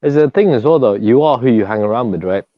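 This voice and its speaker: A man's voice: mid-range voice, lively intonation, fast, no room sound, lo-fi sound. A man chatting on a live stream, swearing freely and tacking on tag questions. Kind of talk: casual live stream chat.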